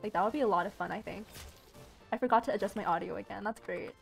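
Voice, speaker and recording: A woman giving live gameplay commentary at home, excitable, shrieking and exclaiming and making gun noises as she plays. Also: mid-range voice, quick pace, creaky, faint music behind. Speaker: gaming YouTuber.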